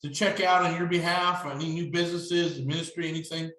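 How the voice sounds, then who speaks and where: A man's voice: on the high side, steady tone, brisk, fairly bright tone. A man hosting an interview, rambling with many restarts. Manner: rambling, full of restarts and fillers. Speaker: host. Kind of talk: casual interview chat. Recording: roomy echo.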